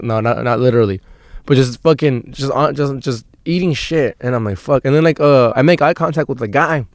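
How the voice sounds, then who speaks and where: A man's voice: medium pitch, brisk, dry recording, clean studio sound. A young man hosting a podcast, telling a long story in a rambling, profane way, full of restarts and fillers. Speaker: podcast host. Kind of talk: casual storytelling monologue.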